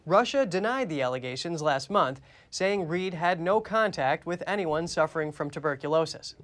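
A man anchoring a news program, reading the headlines in a measured, crisp way. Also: fairly high pitch, expressive, fairly bright tone.

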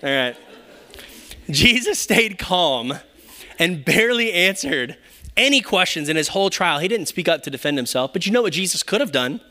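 A man's voice: high voice, very animated, moderate pace, sharp tone. A young man preaching a sermon, playful, with joking asides and acted-out quotes. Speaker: pastor.

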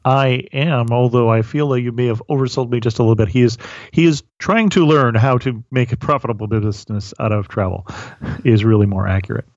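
A man's voice: medium pitch, a little fast, dry recording. A man being interviewed as a podcast guest, talking in a modest, self-deprecating way with a dull, lo-fi sound. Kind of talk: casual interview conversation.

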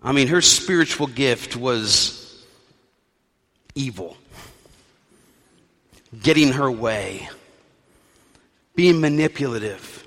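A man's voice: medium pitch, lively intonation, slow, pauses often, fairly bright tone, in a large hall. A male pastor preaching a sermon in a conversational storytelling way with wry asides.

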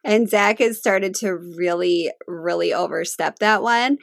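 A woman in her thirties co-hosting a casual parenting podcast, chatty and quick to react. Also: fairly low pitch, gravelly, dry recording, studio quality. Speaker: podcast co-host.

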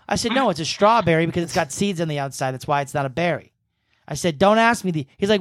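A man's voice: on the high side, expressive, a little fast, no room sound, studio quality. A man from New England hosting a podcast, telling long stories with a rambling, profane manner. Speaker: podcast host. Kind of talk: casual chat.

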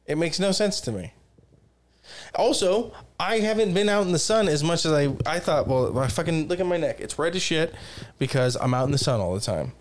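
A man co-hosting a podcast, telling stories in a casual, profane, animated way. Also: fairly high pitch, a little fast. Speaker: podcast co-host. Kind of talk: casual chat.

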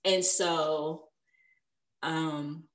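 A woman's voice: deep voice, steady tone, extremely slow. Chatty young woman telling a story. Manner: chatty, laughs often between sentences. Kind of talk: casual storytelling.

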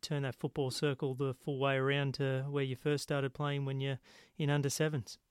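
A man hosting a relaxed interview, his voice smooth and resonant at a middling pitch. He stumbles over words as he builds questions, recorded dry and close. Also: no echo. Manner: halting, repeats words while framing questions. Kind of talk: casual interview.

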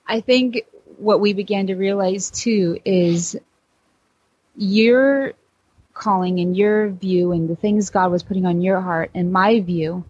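A woman's voice: medium pitch, slow, darkish tone, husky, dull audio. A woman guesting on a podcast, speaking thoughtfully and searching for words. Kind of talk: casual podcast chat.

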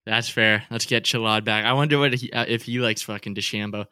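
A man's voice: lowish voice, brisk, smooth, no room sound, clean studio sound. A man co-hosting a casual podcast, rambling loosely with lots of fillers and laughs. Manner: relaxed, heavy use of "like", laughs often. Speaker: podcast co-host. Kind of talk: casual chat.

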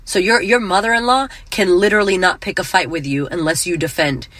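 A woman's voice: lowish voice, fairly quick, fairly bright tone, dry recording. A middle-aged woman hosting a motivational podcast, talking bluntly and emphatically, with frequent swearing. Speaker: podcast host.

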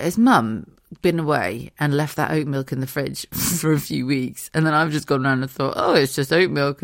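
A woman's voice: low voice, no echo, studio quality. A woman in her thirties hosting a podcast, telling a frank, sweary story and laughing often. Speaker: podcast host. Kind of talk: casual storytelling monologue.

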